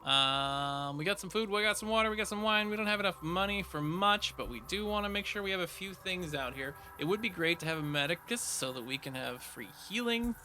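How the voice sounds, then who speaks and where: Bright, high-voiced male game streamer. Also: fairly quick, few pauses, a little hiss or hum. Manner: excitable, breaks into laughter and shouts. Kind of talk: casual gameplay commentary.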